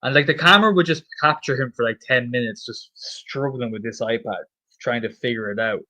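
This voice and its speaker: A man chatting casually as co-host, easygoing and quick to restart his sentences. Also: mid-range voice, bright, forceful tone, dry recording. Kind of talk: casual chat.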